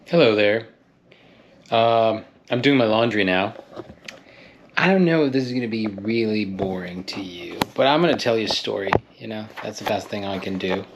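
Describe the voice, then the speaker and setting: A man's voice: on the low side, noisy background. A man, an actor, vlogging in a casual way, thinking aloud and trailing off between thoughts. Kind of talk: casual vlog self-talk. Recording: loud background music.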